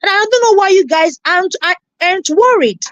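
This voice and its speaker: A woman's voice: very high-pitched, animated, a little fast, no room sound, muffled recording. A woman with a Nigerian accent reacting on a live stream, scolding and repeating herself as she greets viewers.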